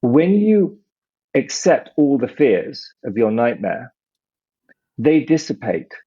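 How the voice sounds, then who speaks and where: A man speaking as a podcast guest, measured and philosophical, slowing down to stress ideas. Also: mid-range voice, sing-song, husky. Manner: measured, philosophical, slows down for emphasis. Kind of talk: reflective interview talk. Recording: muffled lo-fi audio.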